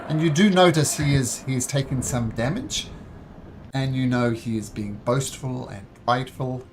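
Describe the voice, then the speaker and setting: A man's voice: medium pitch, moderate pace, noisy background. A man serving as game master, explaining the rules and calling for dice rolls. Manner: instructive, calls for dice rolls. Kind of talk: running a tabletop game.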